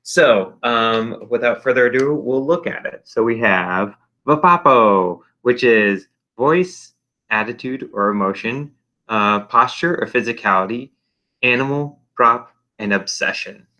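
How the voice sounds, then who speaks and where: A young man teaching an expressive arts lesson in a chatty, upbeat way, with many ums and uhs. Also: medium pitch, unhurried, highs cut off. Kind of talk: casual virtual lesson.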